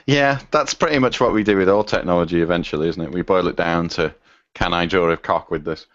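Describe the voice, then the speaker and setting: A man's voice: sits low, normal speed, pauses often, no echo, muffled recording. A man co-hosting a podcast in casual chat, laughing often and slipping into funny voices. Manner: laughing, lively, does funny impressions. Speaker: podcast co-host.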